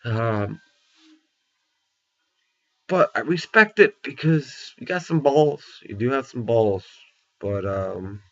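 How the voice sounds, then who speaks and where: On a dull, lo-fi recording, a man vents his opinions to camera in an angry, cursing tirade that's blunt and repetitive, tagged with "okay?" and "you know". His mid-range voice is expressive and fairly bright, and he goes slowly with frequent pauses.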